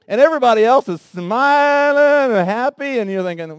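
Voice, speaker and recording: A man preaching a sermon in a conversational way, talking straight to the men in the room and swinging between soft asides and loud emphasis. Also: extremely high pitch, animated, moderate pace, few pauses, clear, resonant tone, dry recording, clean studio sound. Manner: conversational, addresses men in the congregation directly. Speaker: pastor.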